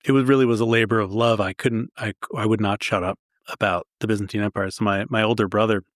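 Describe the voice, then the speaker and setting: A man from Long Island with a somewhat low voice, telling stories as a guest historian. He is enthusiastic and pokes fun at himself. The recording is dry and close to the mic. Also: fairly even intonation, fast, no room sound. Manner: self-deprecating, enthusiastic storyteller. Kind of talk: conversational storytelling.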